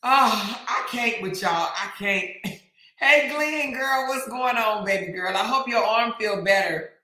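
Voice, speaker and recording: Woman on a stream cracking up reading chat, crying laughing, slow talker, super echoey room. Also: a little high, sharp tone. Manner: laughs hard, keeps breaking off mid-sentence; talks straight to her viewers with lots of slang. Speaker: livestream host reading chat. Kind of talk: casual chat.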